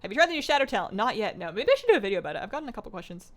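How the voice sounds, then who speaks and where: This streamer, a young woman of Greek background, talks rapid-fire at a medium pitch with big swings up and down. Reading her chat aloud during a game stream, she replies to viewers in a chatty, bubbly, meandering style.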